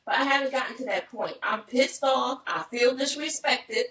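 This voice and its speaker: A woman's voice: high-pitched, moderate pace, a bit bright. Blunt woman chatting in an echoey room. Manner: blunt, frank, swears. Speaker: podcast co-host. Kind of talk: casual chat. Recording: echoey room, mic at a distance.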